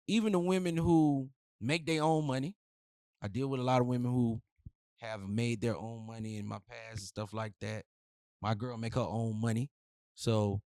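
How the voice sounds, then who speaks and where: A man's voice: mid-range voice, darkish tone, no echo, clean studio sound. Blunt slangy man giving dating advice. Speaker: relationship advice host. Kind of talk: casual advice monologue.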